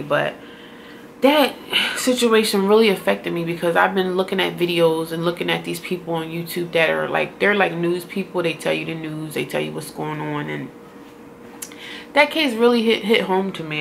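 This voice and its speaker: A woman's voice: fairly low pitch, a bit bright, a little hiss or hum. A woman vlogger, a mother, rambling and heartfelt in a casual talk to camera.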